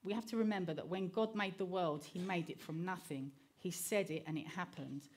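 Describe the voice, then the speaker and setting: Middle-aged woman preaching, earnest, keeps asking okay?, voice sits a bit low. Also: brisk, darkish tone. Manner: personal stories woven into scripture teaching. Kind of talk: sermon.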